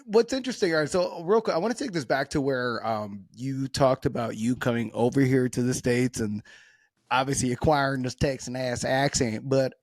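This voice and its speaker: A man hosting a podcast in casual chat, slangy and halting, often breaking into laughter. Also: mid-range voice, no echo, studio quality. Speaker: podcast host.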